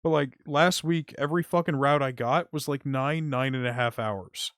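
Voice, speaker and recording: A man's voice: medium pitch, normal speed, a bit bright, no room sound, clean studio sound. A young man streaming, venting heatedly about his delivery job with frequent swearing. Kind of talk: casual stream rant. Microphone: streaming mic.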